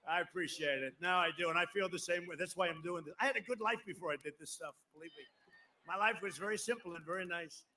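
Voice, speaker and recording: At an outdoor airport campaign rally, a politician in his seventies speaks through a podium microphone in a high, sharp voice. His speech is rambling and emphatic, with asides to the crowd. Faint crowd noise is audible in the outdoor live broadcast.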